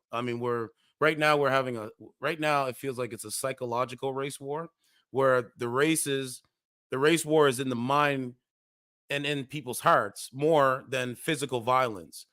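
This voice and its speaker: A man hosting a casual chat in a relaxed, laid-back way, listening and adding his own thoughts. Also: mid-range voice, no room sound, clean studio sound. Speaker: podcast host.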